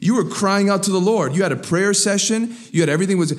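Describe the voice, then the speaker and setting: A man preaching a sermon with a somewhat high voice. He climbs into raised, emphatic lines, then drops to low, quiet asides. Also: fast. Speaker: pastor.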